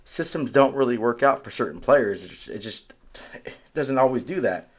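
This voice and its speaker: Man excitedly chatting about sports stats. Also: mid-range voice, moderate pace. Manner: enthusiastic about stats, repeats himself. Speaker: podcast co-host. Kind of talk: casual sports talk.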